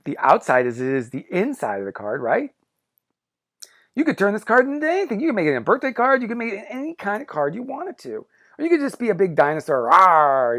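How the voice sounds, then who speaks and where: Lively, encouraging man teaching a craft. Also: high voice. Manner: upbeat, encouraging, playful. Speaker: pop-up book artist teaching a craft. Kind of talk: craft tutorial.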